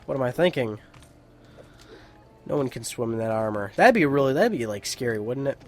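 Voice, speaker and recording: A man's voice: mid-range voice, animated, fairly quick. Rambling young man, gameplay commentary. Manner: rambling, chatty, swears freely. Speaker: gaming YouTuber. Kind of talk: let's play commentary.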